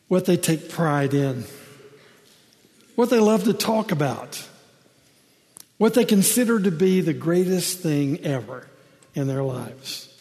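A male pastor with a slightly high, mellow voice delivers a sermon, praying and reading scripture in a solemn, deliberate way. His words ring out with the long reverb of a large church sanctuary.

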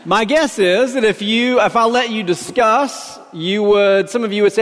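A man's voice: sits high, fairly quick, few pauses. A man preaching a sermon in a church, reading a parable expressively and raising his voice for the dialogue. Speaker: pastor. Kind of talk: sermon with dramatic story reading. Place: church sanctuary. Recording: long hall reverb.

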